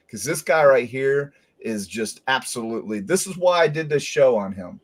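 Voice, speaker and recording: A man's voice: medium pitch, expressive, normal speed, few pauses. A man hosting a commentary show as a former detective. He rants in a heated, profane way. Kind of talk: angry commentary.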